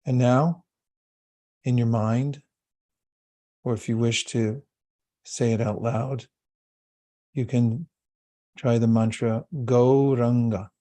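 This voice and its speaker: Slow, mellow-voiced man leading meditation. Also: mid-range voice. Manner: slow, calm and soothing, with long pauses. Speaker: spiritual teacher. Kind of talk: guided meditation talk.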